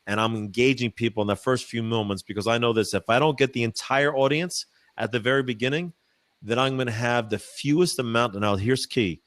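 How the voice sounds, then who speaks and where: A man, a professional speaker, answering interview questions in a chatty, animated way with many fillers and restarts, using a practiced voice dropped low from the diaphragm. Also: fairly quick, no echo. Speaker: professional speaker, podcast guest. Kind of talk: casual interview answers, storytelling. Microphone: microphone.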